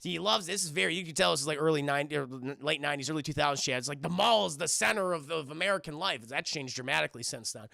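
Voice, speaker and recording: A man's voice: a little high, very fast, vocal fry, few pauses, bright, forceful tone, dry recording, studio quality. A man casually reviewing a film on a livestream, rambling, swearing and often addressing his chat.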